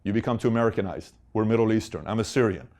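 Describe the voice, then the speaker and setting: Guy doing his stern old dad, low gruff voice, not one for mushy talk. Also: racing, close to an everyday voice. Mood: dismissive. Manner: dismissive, lower and quieter than his own voice. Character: stern older immigrant father, gruff, reserved.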